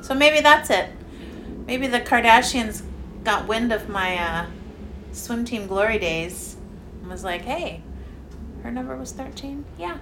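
A woman's voice: on the high side, unhurried, long pauses, background noise. A woman in her thirties co-hosting a podcast, chatting casually with wry, dry asides. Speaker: podcast co-host. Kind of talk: casual chat.

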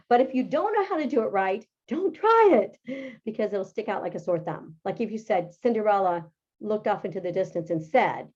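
Woman writing teacher, mellow tone, explanatory and chatty, lo-fi sound. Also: fairly high pitch. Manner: explanatory, chatty with frequent "okay" and "right". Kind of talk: teaching a grammar lesson. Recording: dull lo-fi sound.

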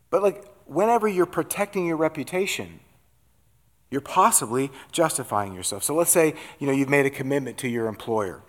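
Conversational man preaching a sermon. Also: mid-range voice. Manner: conversational, asks "right?" often. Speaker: pastor.

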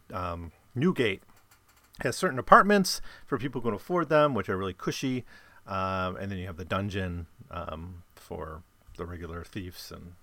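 A man's voice: on the low side, sharp tone, no room sound. A man casually summing up and discussing a novel, rambling with many fillers and restarts. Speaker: book discussion host. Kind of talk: casual book summary talk.

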